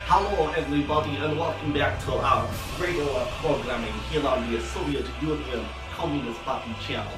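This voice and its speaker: A man voicing a Russian communist cooking-show host, with a put-on Russian accent and a slow, mock-grand delivery. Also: a little high, lightly acted. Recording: roomy echo, distant mic, music behind.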